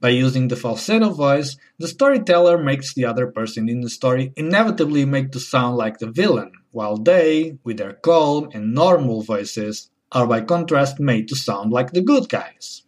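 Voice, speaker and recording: A man delivering a wry, deadpan comedy monologue as host. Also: mid-range voice, normal speed, hardly any pauses. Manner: deadpan, wry, switching into mocking voices.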